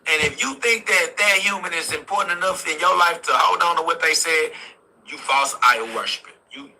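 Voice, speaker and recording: The audio is poor as a young motivational speaker gives a fiery, preaching-style talk, pressing his points through repeated urging and the word "facts." His fairly high voice has a sharp tone and a breathy edge, and he talks a little fast.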